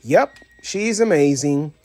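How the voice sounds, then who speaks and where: A man's voice: on the high side, lively intonation, slow, mellow, dry recording, faint music behind. A man voicing a spirited female cowgirl toy with a folksy, hollering manner in a storybook reading. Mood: excited.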